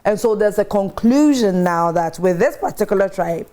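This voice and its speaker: A woman's voice: medium pitch, expressive, moderate pace, dark tone. A woman hosting a live morning TV talk show, taking calls and steering the panel with frequent short affirmations.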